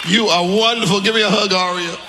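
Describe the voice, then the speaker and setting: A man preaching a sermon as pastor, calling on the congregation to answer back and shouting his key lines. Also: high voice, steady tone, fast talker, long reverb tail, music in the background. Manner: call-and-response preaching, often shouting emphatic lines. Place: church sanctuary with congregation.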